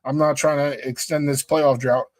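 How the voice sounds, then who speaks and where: A man's voice: mid-range voice, fairly even intonation, moderate pace, no echo. A man co-hosting a casual sports talk show, laid-back and slangy. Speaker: podcast co-host.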